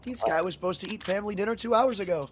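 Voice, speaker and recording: A man calling play-by-play as an esports caster, excitable and full of jokey banter. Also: sits high, rapid-fire. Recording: audible background noise.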